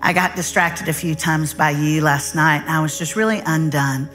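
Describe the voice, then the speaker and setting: A middle-aged woman, preaching a sermon and telling a story in an animated, folksy way. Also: deep voice, normal speed, faint music behind. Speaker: guest speaker.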